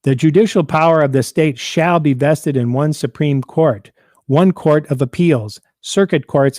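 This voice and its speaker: A man hosting a civics program, reading out and explaining a state constitution in a measured, deliberate way. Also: fairly high pitch, darkish tone, no room sound, studio quality. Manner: measured, deliberate, quotes documents aloud.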